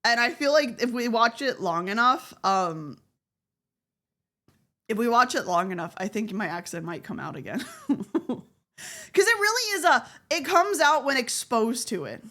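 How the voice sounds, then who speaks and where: A woman streamer with a general American accent talks loosely with her chat in a slightly high voice. Her pitch leaps and swoops all over, and she swears freely and breaks into laughter between lines. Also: sing-song, measured pace, sharp tone. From Southern United States. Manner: profane, joking, laughs often. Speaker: VTuber streamer. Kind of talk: casual live-stream chat with viewers.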